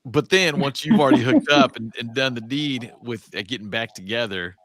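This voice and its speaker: A man in casual podcast chat, hesitant and thinking out loud as he weighs a question. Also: mid-range voice, moderate pace.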